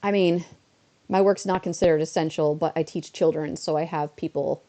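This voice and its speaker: A woman's voice: low voice, fairly even intonation, moderate pace, mellow. A woman streaming from home and chatting casually while she plays, ranting with exasperated asides and sounding a bit unwell. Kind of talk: casual live-stream chat while gaming.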